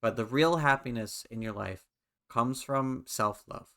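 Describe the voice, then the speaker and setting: A man in his twenties co-hosting a podcast, chatting casually and telling animated stories. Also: medium pitch, measured pace. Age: 20s. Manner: animated storyteller, mocks others in quoted voices. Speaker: podcast co-host. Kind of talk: casual chat.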